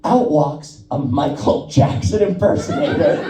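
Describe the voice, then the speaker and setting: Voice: mid-range voice, lively intonation, unhurried, roomy sound, distant mic, a crowd in the background, low-quality recording. A stand-up comedian telling loose, profane stories on a club stage and laughing at their own jokes. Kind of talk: stand-up set at an open mic.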